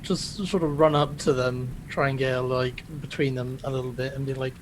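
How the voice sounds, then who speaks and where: A man's voice: mid-range voice, fairly even intonation, normal speed, noisy background. A man playing in a tabletop game, talking casually and hesitantly. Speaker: player. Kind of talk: casual tabletop role-play. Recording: quiet, far from the mic.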